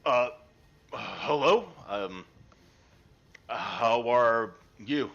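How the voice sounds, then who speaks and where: A man voicing a humble, polite fisherman who speaks hesitantly with many pauses, in a tabletop game over a web call. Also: medium pitch, fairly bright tone, lo-fi sound, voice pushed down. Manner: hesitant, halting, full of ums and pardons. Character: humble middle-aged male fisherman, polite and shy.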